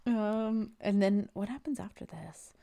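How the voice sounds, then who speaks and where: Animated woman retelling scenes. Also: mid-range voice, measured pace, gravelly. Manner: animated, acts out characters' lines in quotes. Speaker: co-host recapping a TV series. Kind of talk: casual chat, retelling scenes.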